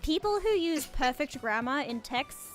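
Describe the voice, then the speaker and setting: A woman streaming a game, chatting casually, swearing and laughing as she gets excited. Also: high voice, moderate pace. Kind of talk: casual gaming chat. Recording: game music behind.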